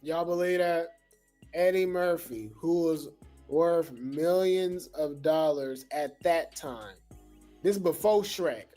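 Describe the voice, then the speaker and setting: Male live-show host: loose, rambling, chatty with the audience; music playing softly behind. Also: a little high. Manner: rambling, addresses viewers as y'all, halting restarts. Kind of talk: casual commentary to a live audience.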